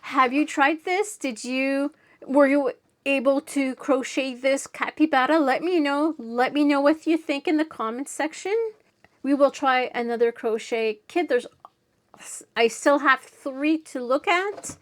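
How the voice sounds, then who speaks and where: A woman's voice: high-pitched, a little slow. A woman hosting a casual crafting review video, speaking frankly and repeating herself when frustrated.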